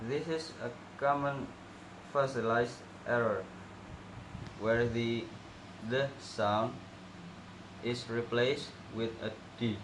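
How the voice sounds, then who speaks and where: A young male student slowly reading out a pronunciation assessment and demonstrating sounds. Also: medium pitch. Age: young adult. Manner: slow, careful, demonstrating sounds. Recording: echoey room with noticeable background noise.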